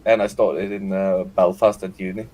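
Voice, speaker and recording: A man's voice: low-pitched, level tone, normal speed, warm tone. A man with a picked-up Scottish accent, telling rowdy, profane stories in a casual livestream chat. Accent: Scottish-tinged. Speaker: podcast guest.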